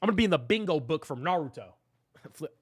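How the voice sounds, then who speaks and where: A man's voice: fairly high pitch, animated, racing, husky, no echo. A man streaming a game live, ranting at his chat with mock drama and repeating himself. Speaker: gaming livestreamer.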